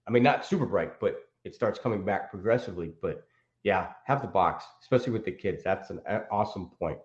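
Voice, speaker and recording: A man's voice: sits low, fairly quick. A man who is a podcast guest, explaining things eagerly, with stumbling restarts. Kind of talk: casual podcast chat. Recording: echoey muffled remote audio.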